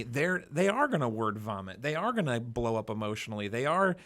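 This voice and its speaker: A man's voice: medium pitch, sing-song, fairly quick, a bit bright. A man co-hosting a podcast, chatting casually and laughing easily. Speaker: podcast co-host.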